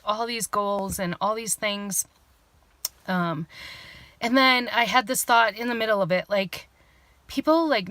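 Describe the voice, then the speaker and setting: A woman's voice: mid-range voice, sharp tone, dry recording. A middle-aged woman, vlogging from inside her truck, tearful and rambling with many fillers. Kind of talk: casual vlog monologue.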